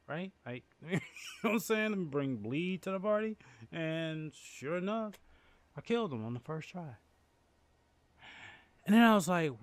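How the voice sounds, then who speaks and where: A man's voice: medium pitch, moderate pace, long pauses, no echo. Rambling man. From New Orleans, Louisiana. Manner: rambling, repeats and restarts words; animated storytelling with laughs. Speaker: game streamer. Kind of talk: casual livestream chat.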